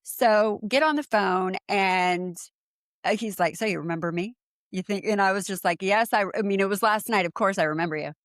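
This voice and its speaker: Animated woman in her forties telling stories. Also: normal speed, no echo, studio quality. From San Diego, USA. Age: 40s. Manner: animated, acts out quoted speech with big pitch jumps, lots of fillers. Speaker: podcast guest. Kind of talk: casual storytelling in conversation.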